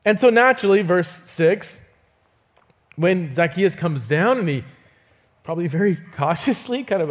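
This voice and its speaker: A man preaching as a guest speaker in a church, speaking through a stage mic. His voice sits high for a man, and he tells stories with lively energy. He acts out the quoted voices and chuckles often. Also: moderate pace, pauses often. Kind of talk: sermon. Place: church auditorium.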